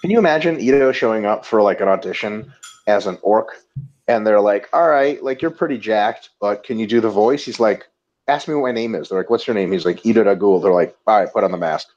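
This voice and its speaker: A man co-hosting a casual webinar, joking and swearing as he tells animated stories. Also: on the low side, brisk. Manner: profane, joking, animated storytelling. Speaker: webinar co-host. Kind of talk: casual chat. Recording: dull lo-fi audio.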